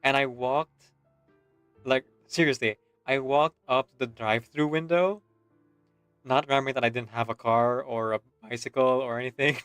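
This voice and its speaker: A man's voice: medium pitch, steady tone, normal speed, fairly bright tone, smooth, dry recording, faint music behind. A man streaming a game, telling a rambling, self-mocking story and laughing often. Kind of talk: casual gaming stream chat.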